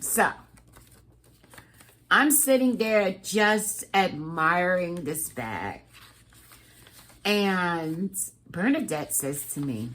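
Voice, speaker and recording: A woman chatting to camera as a cross-stitch vlogger, gushing and excitable as she talks straight to her viewers. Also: fairly low pitch, slow, breathy edge. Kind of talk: casual chat to camera.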